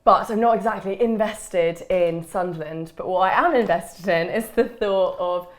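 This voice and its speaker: A woman hosts a relaxed chat, her voice a little low. She asks her guest questions in a playful, teasing way. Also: normal speed. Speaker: host. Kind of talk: casual chat interview.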